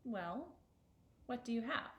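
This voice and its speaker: A woman's voice: a little high, animated, slow, highs cut off. A greedy, entitled king from a told folktale, making matter-of-fact demands in a plain voice, as a woman storyteller puts him on, with a roomy echo around it. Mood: demanding.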